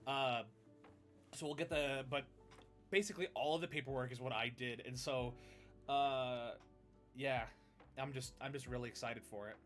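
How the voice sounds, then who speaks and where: A man's voice: medium pitch, steady tone, moderate pace, long pauses, fairly bright tone. Give me a laid-back man from California hosting a chat over an online call, faint music underneath. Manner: laid-back, trailing fillers. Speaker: podcast host, streamer. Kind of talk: casual chat.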